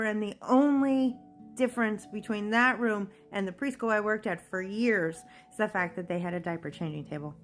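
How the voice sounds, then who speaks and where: Woman, mid-pitched, earnest and emotional, recounting her own story as testimony over soft music. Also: normal speed. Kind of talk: personal testimony.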